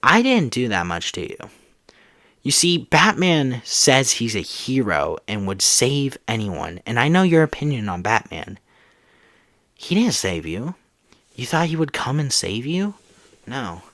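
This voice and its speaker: A man voicing a scheming male villain clown who taunts his captive in a low, quiet voice while retelling a story. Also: big pitch swings, measured pace, no room sound, studio quality. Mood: taunting.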